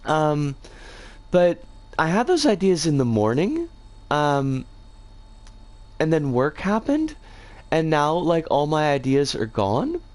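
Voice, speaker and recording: A game streamer chatting casually on a livestream, rambling with playful slang, their voice rough and scratchy today. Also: mid-range voice, huge pitch swings, takes it slowly, pauses often, a little mellow.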